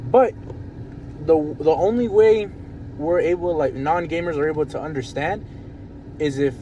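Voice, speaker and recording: A man co-hosting a podcast in casual chat, interjecting lively banter. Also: fairly high pitch, moderate pace, dull audio. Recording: noisy background.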